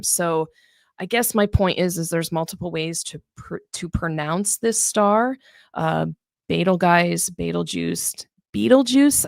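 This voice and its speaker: Gravelly low-voiced woman teaching stargazing. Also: no echo, studio quality. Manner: chatty, explanatory, with fillers and self-corrections. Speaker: author and astronomy educator. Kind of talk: live-streamed stargazing lesson.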